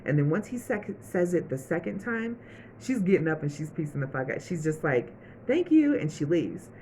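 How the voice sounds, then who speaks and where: A woman with a low voice talks through a TV episode in a loose, chatty recap. She keeps slipping into the characters' lines as she retells each scene. Faint background noise sits under her voice. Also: normal speed, a little mellow, rough recording. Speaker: TV show reviewer.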